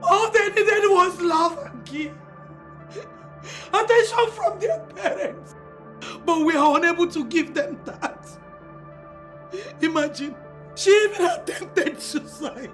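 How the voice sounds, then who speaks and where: A woman's voice: very high voice, sing-song, unhurried, pauses often, bright, forceful tone, faint music behind, exaggerated voice. An actress playing a distraught mother who reproaches her husband. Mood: grieving. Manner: accusing, reproachful.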